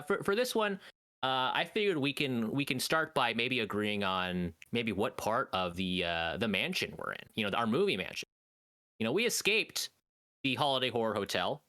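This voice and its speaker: A man co-hosting a podcast, chatting jokily about a movie in an animated, hammy way. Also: mid-range voice. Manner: animated, jokey, swings his voice up and down. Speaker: podcast co-host. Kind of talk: casual comedic movie review chat.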